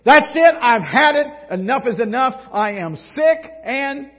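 A man preaching a sermon puts on the voice of Martha, a frazzled, resentful woman shouting shrill complaints, recorded in an echoey hall with dull lo-fi sound. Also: lively intonation, measured pace, exaggerated voice. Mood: exasperated.

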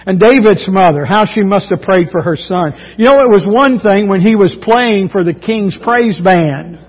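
A man's voice: high voice, lively intonation, moderate pace, husky. A male pastor preaching a sermon in a church, with folksy, joking storytelling that turns earnest. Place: church sanctuary. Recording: long hall reverb, dull lo-fi sound.

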